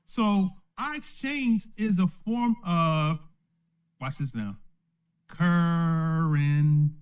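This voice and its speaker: Man giving a casual bible lesson, slow and a bit high, keeps asking "right?". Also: clean tone. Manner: drawn-out, animated preaching with frequent "right?". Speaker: teacher leading a scripture lesson. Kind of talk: informal Bible lesson on a livestream.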